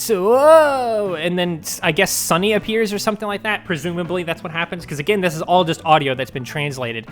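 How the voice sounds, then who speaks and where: A man with a slightly higher voice talks through a casual fan commentary video. He rambles and speculates, padding his thoughts with ums and likes, over faint background music. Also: normal speed, fairly bright tone. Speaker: fandom news video host.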